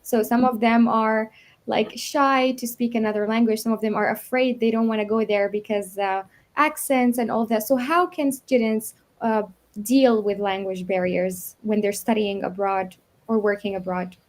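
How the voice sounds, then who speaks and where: Woman host on a live chat, kinda high voice, friendly, asks stuff w/ lots of uh. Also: fairly even intonation, normal speed.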